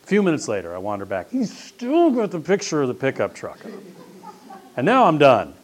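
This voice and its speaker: A man with a higher voice and wildly swooping pitch preaches at a moderate pace. As a pastor and teacher, he tells stories casually and builds toward emphatic, rising questions.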